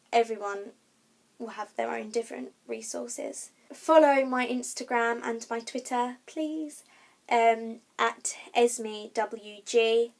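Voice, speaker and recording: A woman's voice: a little high, creaky, darkish tone. A young woman vlogger chatting casually to camera, with frequent ums and restarts as she tells her story. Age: young adult.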